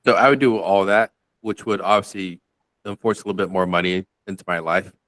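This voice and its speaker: A man with a fairly low voice tells a mischievous story on a casual podcast, chuckling between his lines. The sound is dry, with no room echo. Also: steady tone, brisk, a bit bright.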